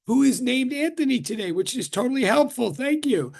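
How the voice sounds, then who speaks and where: A man's voice: very high voice, sing-song, moderate pace, creaky, hardly any pauses, a little mellow, husky. A man teaching physics on a video call, greeting students one by one in a chatty, joking way that keeps interrupting itself. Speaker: physics professor. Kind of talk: casual online lecture greeting.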